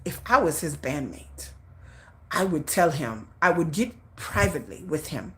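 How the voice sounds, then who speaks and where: A woman voicing an old-school older Korean man who bluntly scolds in short clipped phrases, lower and quieter than her own voice. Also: very animated, measured pace. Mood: scolding.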